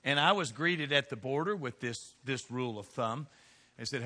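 A man preaching a sermon in church, swinging between loud calls and hushed asides. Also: medium pitch, lively intonation, normal speed.

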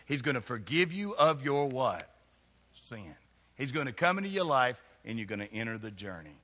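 A man with a Kentucky accent preaches a sermon in a church, folksy and teasing as he calls on people in the pews. His voice is bright and forceful, and it rings out into a long-reverb hall. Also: mid-range voice, big pitch swings, normal speed. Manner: folksy, teasing congregation members by name. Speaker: pastor. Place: church sanctuary.

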